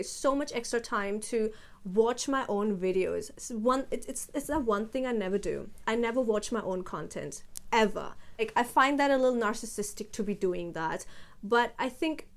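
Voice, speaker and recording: A young woman talking casually to her phone camera for a vlog, slow and steady with lots of "like" and "you know". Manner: slow, steady, deliberate talk with a heavier low voice; chatty, with many fillers like "like" and "you know". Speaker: YouTuber.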